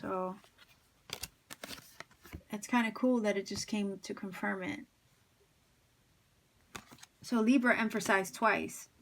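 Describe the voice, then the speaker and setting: A woman's voice: medium pitch, fairly even intonation, slow pace, long pauses, fairly bright tone, a little hiss or hum. Woman tarot reader with a slight lisp. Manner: musing, hesitant, many fillers and restarts. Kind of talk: pick-a-card tarot reading.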